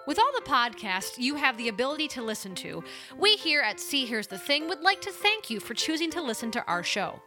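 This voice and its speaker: A woman hosting a podcast, calmly reading a scripted promo spot. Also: sits high, brisk, over music. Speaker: podcast host.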